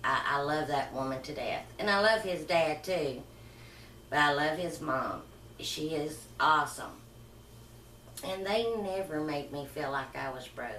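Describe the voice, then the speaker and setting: Middle-aged woman, low voice, soft rambling storyteller, recorded roomy and off-mic with faint room noise. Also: measured pace, distant mic. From Southern United States. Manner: rambling, soft-spoken, emotional reminiscing. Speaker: vlogger. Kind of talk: personal storytelling.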